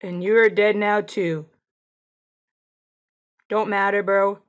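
Gameplay streamer, woman, chatty and excitable, taunts enemies while she plays. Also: mid-range voice, slow pace. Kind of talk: casual gameplay commentary.

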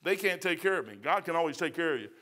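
A man's voice: fairly high pitch, expressive, quick pace, pushed and bright. A male pastor with a Midwestern American accent, preaching a verse-by-verse sermon in a folksy, emphatic way with colloquial phrasing. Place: church sanctuary.

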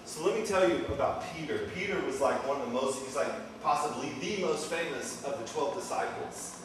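A man preaching a casual, chatty sermon, full of asides and quick "okay?" checks with his listeners. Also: fairly high pitch. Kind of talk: informal sermon. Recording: very echoey, distant mic, faint noise.

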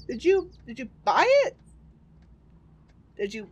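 A woman's voice: sits high, lively intonation, slow pace, long pauses, faint music behind. A woman playing a horror game and commenting casually, chatty and reactive, with jokes and swearing. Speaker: game streamer. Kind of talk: let's play commentary.

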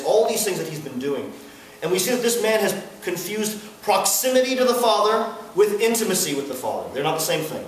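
Brisk and sing-song, with a high voice far from the mic, the young preacher addresses a student fellowship in a big hall recorded from afar with echo. He is earnest, rising to emphatic peaks, and acts out a screaming son.

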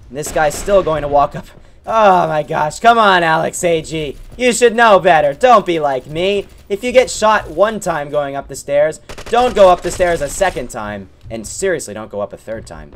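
A young man hosting a gaming channel, giving chatty, excitable gameplay commentary with self-mocking asides and playful trash talk at other players. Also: fairly high pitch, a little hiss or hum.

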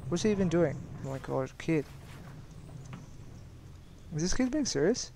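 Excitable young man narrating gameplay. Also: on the high side, unhurried, gravelly, pauses often, slight background noise. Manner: excitable, exasperated, pleading in bursts. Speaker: gaming channel host. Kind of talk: live gameplay commentary.

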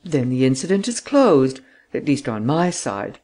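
A man's voice: mid-range voice, sing-song, measured pace, darkish tone. A man reading the part of an anxious aristocratic official who is evasive and frightened. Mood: defensive.

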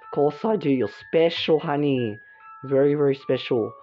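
A woman voicing a calm, caring young woman bringing gifts, in a low, soft, affectionate voice on a dull lo-fi recording. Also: moderate pace, soft background music, close to an everyday voice. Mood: tender.

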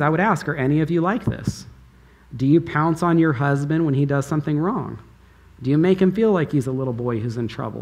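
A male pastor giving a conference sermon, preaching with emphasis and asking the audience rhetorical questions. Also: medium pitch. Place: church conference hall.

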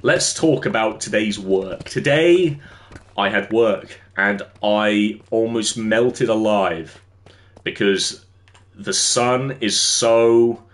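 A man's voice: fairly low pitch, slow. A young English man chatting casually on a gaming livestream, rambling and answering his chat as he plays. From England. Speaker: streamer.

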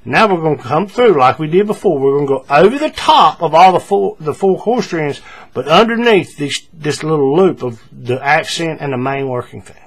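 Man, craft tutorial, husky, a bit high, casual step-by-step talk. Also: normal speed. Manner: relaxed, repetitive instructions with frequent fillers. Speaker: paracord tutorial maker.

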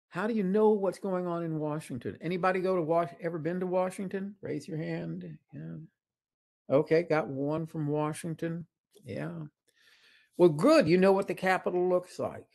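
A man's voice: fairly high pitch, vocal fry, darkish tone. A man, a college professor giving a casual lecture that wanders into anecdotes, with many "uh"s and restarts. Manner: rambling storyteller with frequent "uh" and restarts.

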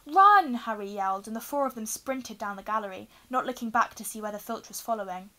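A woman reading a children's novel aloud, telling it expressively and giving the quoted lines lively voices. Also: mid-range voice, fast, low-quality recording. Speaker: reader.

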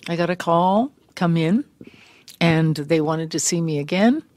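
An older woman tells a story in a lively, animated way and acts out the lines of the people in it. Her voice sounds a little harried, and the dry recording has almost no room echo. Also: fairly low pitch, measured pace. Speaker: guest actress. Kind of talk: casual storytelling interview. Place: large room used as a podcast studio.

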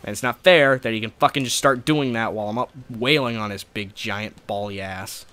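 A man's voice: fairly low pitch, moderate pace, pushed and bright, a little hiss or hum. A man giving profane, sarcastic gameplay commentary, ranting at a boss fight. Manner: profane, ranting frustration at the game. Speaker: let's play gamer.

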